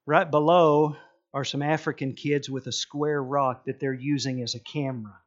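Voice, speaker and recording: A man's voice: mid-range voice, moderate pace, highs cut off. A middle-aged man, preaching a sermon and telling stories with acted-out voices. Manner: animated storytelling, acting out voices. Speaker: pastor.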